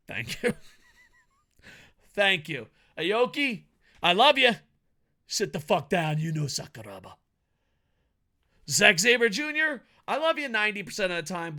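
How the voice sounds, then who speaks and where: A man reviewing a wrestling event in a casual, profane rant, joking at his own expense and often breaking into yells. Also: on the high side. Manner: profane, ranting, bursts into yelling; jokey, laughs at own rants.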